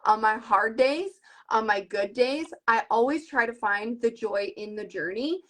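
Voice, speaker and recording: Woman, 30s, high voice, sales team leader; earnest, animated storyteller. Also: measured pace. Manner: earnest and animated, retells conversations in lively voices. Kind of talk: live video conversation.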